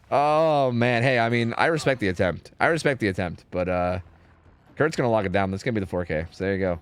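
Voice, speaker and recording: A man streaming and casually commentating a competitive match, chatty and profane, thinking out loud. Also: mid-range voice, lively intonation, brisk, soft background music.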